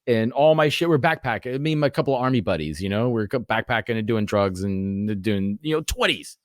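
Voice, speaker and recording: A man's voice: fairly low pitch, a little fast, no room sound. Guy in his 40s cussing his way thru a wild story, dead dry close sound. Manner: profane, rambling, animated retelling. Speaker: podcast guest. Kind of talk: casual storytelling.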